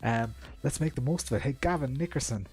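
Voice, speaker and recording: A man's voice: mid-range voice, brisk, a little mellow. An Irish man in his thirties chatting casually on a live stream, greeting viewers by name and laughing often. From Ireland. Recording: music playing behind.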